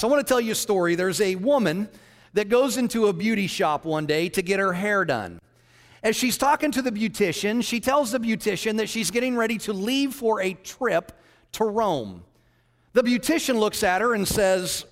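A pastor opening his sermon with a joke, bright and storytelling. His voice sits high and swoops freely up and down. Long reverb rings out behind him in a large hall. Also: normal speed. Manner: lively, joking storyteller.

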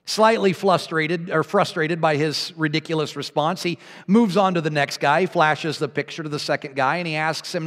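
A man's voice: fairly high pitch, fairly even intonation, moderate pace, fairly bright tone. A man preaching a sermon as pastor, telling a joke with a playful, chuckling storyteller's manner. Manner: jokey storytelling, chuckling at his own jokes. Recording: long reverb of a hall.

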